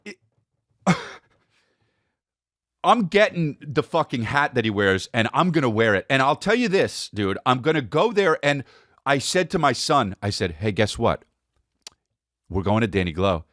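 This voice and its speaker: A man hosting a podcast, telling a rambling, excitable comedic story with frequent swearing and asides. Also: mid-range voice, unhurried, long pauses, dry recording, clean studio sound. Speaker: podcast host. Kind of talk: casual comedic monologue.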